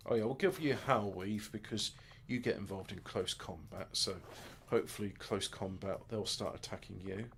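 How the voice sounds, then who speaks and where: A man talks through a strategy game in loose let's-play commentary, joking and mocking himself. His voice sits low with a gravelly fry. He mutters asides to himself as he goes. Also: normal speed, hardly any pauses, a bit bright, a little hiss or hum. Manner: rambling, joking and self-mocking. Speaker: gaming video host.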